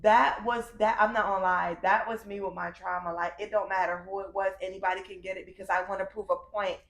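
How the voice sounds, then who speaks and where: A woman's voice: mid-range voice, fairly even intonation, fast talker, roomy sound. Candid young woman, emphatic podcast chat. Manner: candid, emphatic, repeats phrases, calls friend "girl" and "baby". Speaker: podcast co-host. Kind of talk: casual chat.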